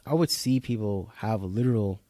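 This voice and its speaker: A man's voice: on the low side, fairly quick, mellow. A young man co-hosting a podcast in casual chat, a laid-back storyteller who acts out quotes. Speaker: podcast co-host.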